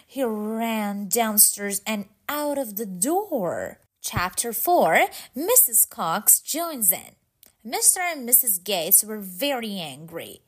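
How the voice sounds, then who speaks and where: A woman reading a children's storybook aloud, clear and expressive. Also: medium pitch, takes it slowly.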